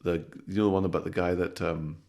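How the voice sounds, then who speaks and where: Male comedian, very deep voice, sweary animated joke-teller, keeps checking in with "right?". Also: quick pace, vocal fry. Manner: animated storytelling, sweary, with frequent "right?" tags. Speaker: comedian guest. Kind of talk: casual podcast chat, telling jokes.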